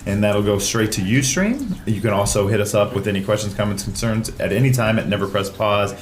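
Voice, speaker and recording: A man's voice: on the low side, lively intonation, brisk. A man from Kentucky with a Kentucky accent, hosting a casual gaming podcast in a laid-back, joking way. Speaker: podcast host. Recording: echoey room with faint hiss.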